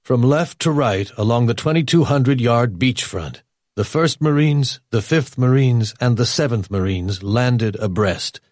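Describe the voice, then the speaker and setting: Even-toned male history narrator. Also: medium pitch, measured pace, no room sound, studio quality.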